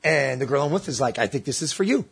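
A man's voice: mid-range voice, fast, vocal fry, husky. A man telling a rowdy story to friends in casual talk, swearing freely and acting out the voices of people in it. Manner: animated, swearing, acts out voices in his stories.

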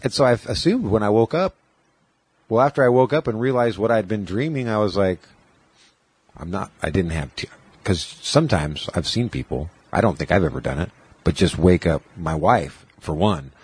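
A man's voice: fairly low pitch, animated, moderate pace, darkish tone, slightly rough. A man in his forties in casual podcast chat, telling a long personal story and quoting others. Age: 40s. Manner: rambling storytelling, quoting others in raised voices. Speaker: podcast host.

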